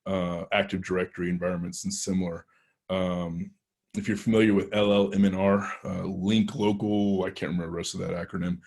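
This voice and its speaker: Hesitant and rambling, a Texan pen tester relates a story to a club, restarting his sentences again and again. His voice is low and a little mellow, with vocal fry, little pitch movement and a slightly fast pace.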